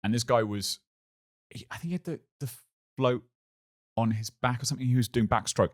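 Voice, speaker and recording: A man's voice: medium pitch, fairly quick. A man, a podcast guest, telling a funny story in casual chat. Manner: animated, acts out shouted quotes.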